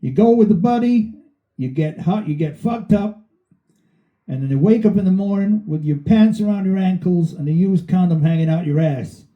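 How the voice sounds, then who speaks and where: A man putting on the voice of a cheeky, laid-back Canadian-Italian male musician, telling a joke in a high, teasing voice. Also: moderate pace, dull audio, natural voice. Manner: high, teasing storyteller's mimicry.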